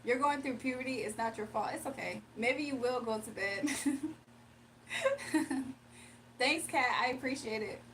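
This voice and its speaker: Young woman, casual live streamer, slangy and giggly, high-pitched, light noise under the mic. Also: a little slow, long pauses, a bit bright, far from the mic. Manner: chatty, laughs often, slangy. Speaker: livestream host giving spiritual readings. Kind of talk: casual livestream chat, reading viewer comments aloud.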